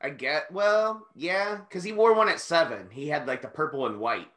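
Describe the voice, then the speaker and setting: A man co-hosting a podcast, chatting casually and excitedly as he watches a wrestling match, swearing often and joking. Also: fairly high pitch, moderate pace. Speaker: podcast co-host.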